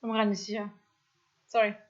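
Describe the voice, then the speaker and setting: A woman with a German accent chatting casually on a live stream, reading comments aloud and apologizing often in an excitable way. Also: medium pitch, fast, dull audio.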